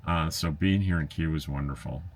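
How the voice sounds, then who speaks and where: A man's voice: very deep voice, fairly quick. A man, an RV travel vlogger, casually reads viewer comments aloud and answers them in a chatty, easygoing way. He uses lots of fillers, laughs lightly, and has a wry, slightly sarcastic edge.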